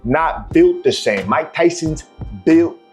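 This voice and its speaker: A man's voice: on the high side, expressive, slow pace, faint music behind. A man, a martial arts coach, talking in a casual, slangy and profane way as he tells his story to the camera.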